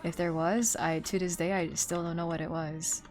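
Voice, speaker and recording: Woman streamer, rambling casual chat, lowish voice, faint music behind. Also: level tone, moderate pace, darkish tone. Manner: chatty, rambling, laughs often. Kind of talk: casual chat while gaming.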